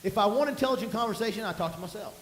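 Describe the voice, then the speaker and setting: High-voiced preacher, folksy sermon. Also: male voice, racing. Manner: folksy storytelling, rising to emphatic bursts. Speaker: pastor. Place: church sanctuary. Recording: echoey room with faint hiss.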